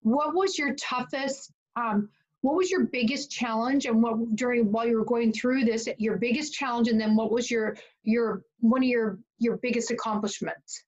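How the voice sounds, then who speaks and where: A woman's voice: on the high side, normal speed, darkish tone, highs cut off. A woman interviewing a guest over a video call, effusive and affirming, asking questions in a rambling way. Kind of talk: supportive interview talk.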